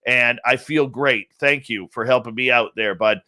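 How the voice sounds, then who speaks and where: A man's voice: medium pitch, moderate pace, sharp tone. A man hosting a live radio stream, joking casually as he greets people in the chat room by nickname. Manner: jokey, upbeat, rambling roll call with teasing nicknames. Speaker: radio show host. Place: home studio in central British Columbia.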